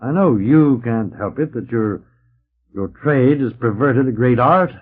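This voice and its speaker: A man's voice: medium pitch, lively intonation, measured pace, husky. A man doing a gloomy old ham actor. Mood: wry. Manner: wry, theatrical. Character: weary old male actor, theatrical and gloomy. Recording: dull lo-fi old record transfer.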